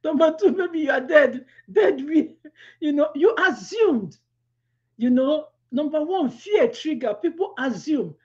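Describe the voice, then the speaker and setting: Animated high-voiced woman preaching, lo-fi. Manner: animated storytelling, quick asides, laughs while telling. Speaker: devotional speaker. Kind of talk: devotional teaching with personal story. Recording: lo-fi dull sound.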